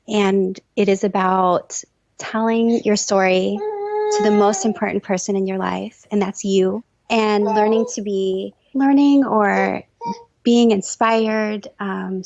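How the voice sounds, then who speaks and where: A woman's voice: medium pitch, gravelly, a little mellow, dry recording. Enthusiastic woman guest on a dry lo-fi line. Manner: enthusiastic, gushing, many fillers. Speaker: podcast guest, writer and course teacher. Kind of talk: casual interview chat.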